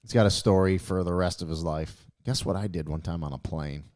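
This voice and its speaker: A man's voice: low-pitched, brisk, darkish tone. A man co-hosting a podcast, chatting casually and telling stories in a laid-back, chuckling way. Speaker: podcast co-host. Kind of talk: casual chat.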